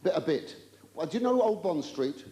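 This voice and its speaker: An older man doing live stand-up comedy in a large theatre, camp and rambling, with drawn-out exclamations and stammering asides. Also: high-pitched, big pitch swings, warm tone. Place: large theatre stage with an audience. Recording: roomy live theatre recording with audience noise.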